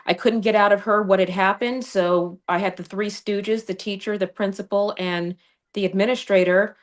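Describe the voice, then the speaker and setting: A woman's voice: medium pitch, fairly even intonation, moderate pace. A woman running for Congress, a guest on a livestream, telling her story in a fiery, combative way. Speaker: congressional candidate. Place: home studio over streaming video call. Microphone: remote streaming mic.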